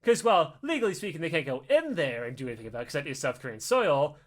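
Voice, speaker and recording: A man co-hosting a podcast, telling a story in an excitable, profane way and acting out its parts. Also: a little high, fast talker. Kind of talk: animated storytelling.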